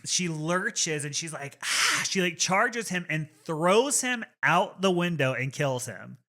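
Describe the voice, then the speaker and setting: Bright, higher-voiced male podcast co-host. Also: a little slow. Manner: animated storytelling, casual swearing. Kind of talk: casual chat.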